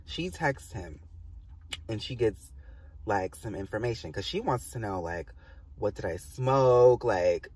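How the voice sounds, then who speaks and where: A young man casually telling a storytime on his vlog, animated and swearing a lot, with many "like" fillers. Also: lowish voice, measured pace, distant mic, a little hiss or hum. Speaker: vlogger.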